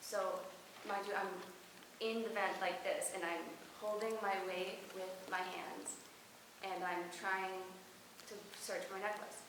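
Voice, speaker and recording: A woman's voice: medium pitch, fairly even intonation, unhurried. Young woman, chatty monologue, lots of fillers, very echoey classroom, noisy recording. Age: young adult. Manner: chatty storytelling with many fillers and "like". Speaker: acting student. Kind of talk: performed verbatim monologue. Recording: very echoey room with noise.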